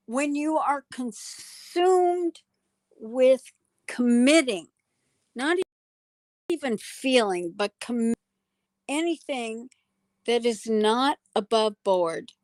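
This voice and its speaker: A woman, a psychologist guest on a talk show, speaking in a slow, deliberate way with emphatic pauses. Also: on the high side, a little mellow, no room sound. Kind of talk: political talk show conversation.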